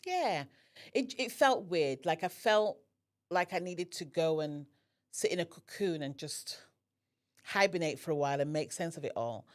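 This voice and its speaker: A woman's voice: on the low side, moderate pace. A woman guest on a podcast telling a personal story and acting out the dialogue. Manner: animated, acts out quoted dialogue.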